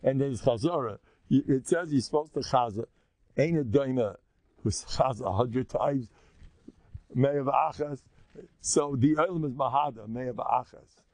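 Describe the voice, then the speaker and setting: An older American rabbi delivers a Torah lecture with animation, voicing inner thoughts and weaving in Hebrew and Yiddish terms. His voice sits in the mid range, he speaks a little slowly, and there's no room sound.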